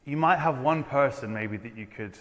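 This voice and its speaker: A man's voice: medium pitch, normal speed. Man, casual podcast chat, earnest, restarts a lot; echoey room. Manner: earnest, rambling, frequent restarts. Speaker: podcast conversation partner.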